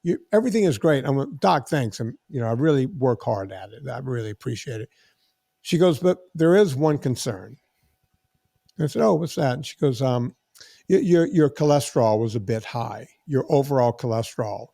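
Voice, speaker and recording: A man's voice: medium pitch, normal speed, vocal fry, dry recording, studio quality. A podcast host in his sixties telling a long story in casual chat, acting out the voices of the people in it. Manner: animated, acts out quoted dialogue.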